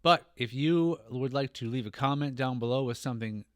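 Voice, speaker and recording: Casting: American male host, rambling and self-deprecating, smooth clear tone, dry close sound. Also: medium pitch, fairly quick, no room sound. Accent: General American. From United States. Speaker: reaction channel host. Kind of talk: casual chat to camera.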